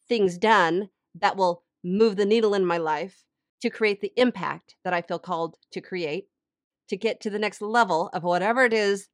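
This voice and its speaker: A woman who hosts a Christian life coaching podcast and tells stories in a chatty, animated way. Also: medium pitch, no echo, studio quality. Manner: chatty, animated storytelling with many "like"s. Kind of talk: casual faith podcast monologue.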